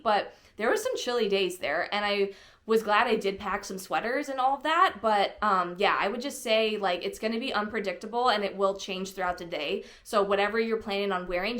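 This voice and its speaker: A young woman chats to camera as a travel vlogger, bubbly and easygoing. She fills her sentences with "like" and talks at a middle pitch. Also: fairly bright tone. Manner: chatty, bubbly, many "like" fillers. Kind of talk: casual chat to camera.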